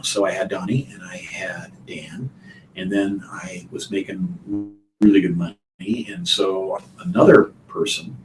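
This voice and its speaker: A real estate instructor, a man with a lowish voice, shares a folksy tale in a live online class, chuckling frequently and filling his speech with you-knows and uhs. He's on a video call using a computer mic, and the low-quality recording sounds roomy with slight background noise.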